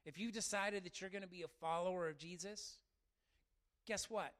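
A man preaching a sermon to his church, animated and talking straight to the congregation. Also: high-pitched, normal speed. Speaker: pastor.

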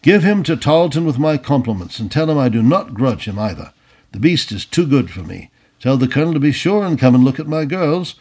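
A man voicing a blustering, excitable older Tory planter in an audiobook reading. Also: mid-range voice, a little fast, slightly rough. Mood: hearty. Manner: excitable, hearty, stammering when flustered.

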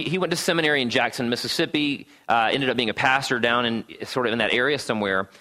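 A man's voice: mid-range voice, sharp tone. A man preaching a sermon to a room in a conversational way, often checking in with "right?" and adding wry asides. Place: church gathering room.

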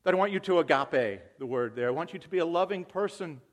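A man preaching a sermon, moving from quiet, reflective talk to loud, excited calls to the congregation. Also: a little high, fast. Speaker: pastor.

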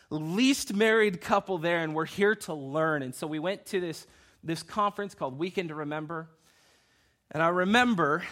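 A man's voice: a little high, a bit bright. A young man, a pastor, preaching through personal stories and acting out the voices of people he quotes. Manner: storytelling, acts out quoted voices.

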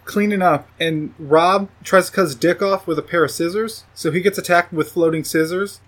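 A man's voice: on the high side, breathy edge. A man giving a casual, rambling, profane recap of a movie plot, often laughing at his own jokes. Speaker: movie reviewer.

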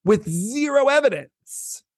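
A man's voice: very high-pitched, animated, takes it slowly, no room sound, studio quality. A man co-hosting a casual gossip chat, animatedly acting out quotes in mocking voices. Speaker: podcast co-host.

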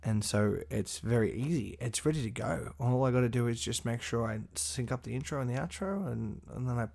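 A man's voice: mid-range voice, fairly quick, creaky, a little mellow. A sick man, hosting a blunt, sweary motivational podcast solo. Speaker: podcast host.

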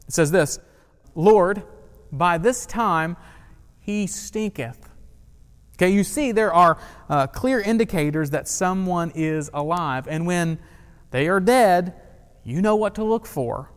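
A man's voice: high voice, animated, a little slow, smooth, big-room sound. A man preaching a sermon in a conversational way, with humor and questions to the congregation. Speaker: pastor.

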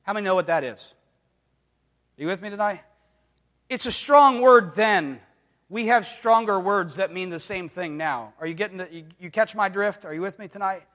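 A man's voice: high voice, moderate pace, a bit bright. A man preaching a sermon with emphatic delivery, often asking the congregation whether they follow him and acting out voices in bursts. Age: adult. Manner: emphatic, with call-and-response questions to the congregation; acts out quoted voices in dramatic bursts. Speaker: pastor. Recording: reverberant hall.

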